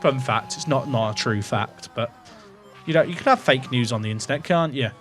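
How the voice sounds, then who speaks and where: A man giving excitable, jokey commentary while playing a racing management game, swinging between hype and quiet muttering. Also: mid-range voice, brisk, faint music behind. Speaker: gaming YouTuber.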